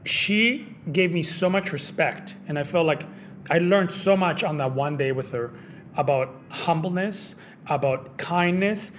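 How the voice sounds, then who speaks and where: Reflective man guest, fairly high voice. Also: fairly bright tone, a little hiss or hum. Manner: reflective, halting with restarts. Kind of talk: conversational interview.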